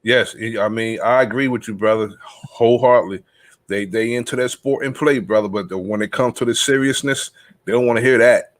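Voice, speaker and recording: A man on a live panel, calmly agreeing with the other speaker. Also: mid-range voice, a little fast, dry recording. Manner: calm, agreeing. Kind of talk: casual live panel chat.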